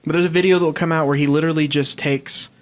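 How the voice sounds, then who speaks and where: A man's voice: fairly high pitch, steady tone, fast. A married man co-hosting a podcast, telling rambling, amused stories in casual chat. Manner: rambling, amused, quotes others in put-on voices. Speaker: podcast co-host.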